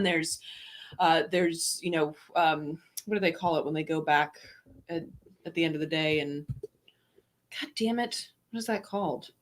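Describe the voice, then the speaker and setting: A woman's voice: lowish voice, moderate pace, a bit bright. A woman co-hosting a casual livestream chat in a laid-back, chatty way. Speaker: co-host.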